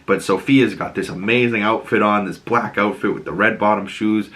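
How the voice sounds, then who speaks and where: A man with a Boston accent giving a casual, animated episode recap, acting out the characters' lines. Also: fairly low pitch, normal speed. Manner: animated, acts out characters' lines in raised voices. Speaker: TV show reviewer.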